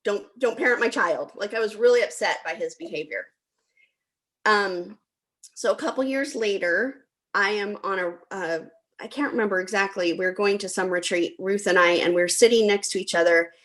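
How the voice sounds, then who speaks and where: A woman's voice: medium pitch, moderate pace. A middle-aged woman hosting a talk, telling a personal story in a chatty way with frequent ums. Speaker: host.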